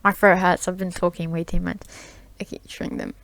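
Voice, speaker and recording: A woman's voice: lowish voice, level tone, normal speed, vocal fry, fairly bright tone. A woman improvising a rambling story, full of fillers and restarts, on a close home mic. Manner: rambling, filler-heavy, giggly.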